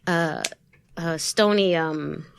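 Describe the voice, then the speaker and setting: A woman with a Brooklyn New York accent, a guest in a studio interview, telling stories in a lively way and acting out the voices of the people she quotes. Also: low-pitched, slow pace, vocal fry, a little hiss or hum. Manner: lively storyteller who acts out quoted voices and laughs often. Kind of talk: casual interview storytelling.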